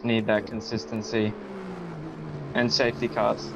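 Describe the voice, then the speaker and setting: A man's voice: fairly low pitch, level tone, measured pace, creaky, background noise. Hesitant teenage boy racing driver. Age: teens. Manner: hesitant, brief answers with ums. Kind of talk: interview.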